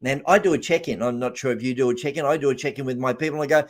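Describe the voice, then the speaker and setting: A man speaks as a guest coach on a video call, in a chatty storytelling way. He often repeats words as he goes. His pitch sits in the middle range for a man. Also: rapid-fire. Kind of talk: casual online interview.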